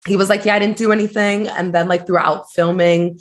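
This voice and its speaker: A woman co-hosting a podcast, chatting in a gossipy, animated way and saying "like" a lot. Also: lowish voice, fairly quick. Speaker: podcast co-host. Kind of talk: casual chat.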